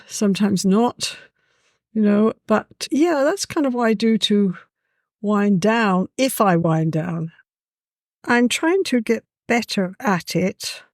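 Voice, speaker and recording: A woman tells stories in a lively, chatty way and often says "you know." Her voice sits at an ordinary middle pitch. The recording is dry and close, with almost no room sound. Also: no room sound. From England. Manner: lively, warm-hearted, with a frequent "you know". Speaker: guest. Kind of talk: casual conversational storytelling.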